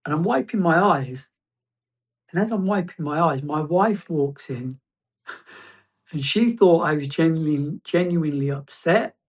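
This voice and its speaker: Guy telling a personal story on an interview, slow and reflective, stops and restarts a lot. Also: on the high side. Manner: reflective, halting, many restarts. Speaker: guest. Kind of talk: personal testimony in conversation.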